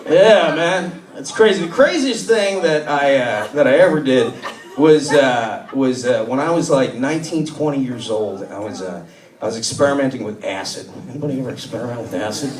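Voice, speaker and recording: A man's voice: mid-range voice, lively intonation, a little fast. A man from Massachusetts doing stand-up comedy in a club, telling rambling, raunchy stories. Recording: echoey club, distant mic, laughing crowd.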